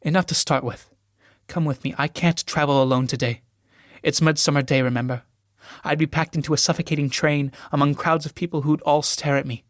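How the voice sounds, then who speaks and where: A man's voice: a little high, steady tone, a little fast, no echo, studio quality, lightly acted. A man reading a volatile proud young noblewoman. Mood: wistful pleading. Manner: swings from pleading to shrieking fury. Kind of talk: solo reading of a stage play.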